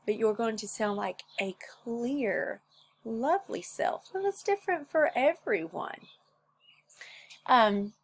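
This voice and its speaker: A woman music teacher giving a recorded lesson for children, patient and encouraging, who shows each step by singing it herself. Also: mid-range voice. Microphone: recorded at home for a video lesson.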